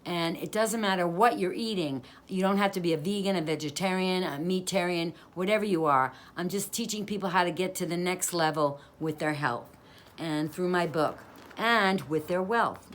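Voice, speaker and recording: A woman's voice: fairly low pitch, moderate pace. A woman author reading from and talking about her own inspirational book, upbeat and a little preachy, rolling through long rhythmic lists. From New York.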